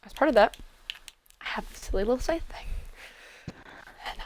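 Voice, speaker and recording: A woman speaking in character during a game roleplay, anxious and halting, on the verge of tears and often apologizing. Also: a little high, lively intonation, darkish tone, no echo. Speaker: roleplay player.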